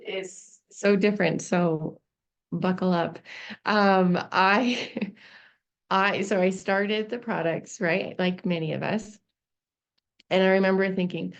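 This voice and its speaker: A woman's voice: fairly low pitch, fairly even intonation, normal speed, lo-fi sound. A woman on a team call telling her personal story in a rambling, self-interrupting, emotional way.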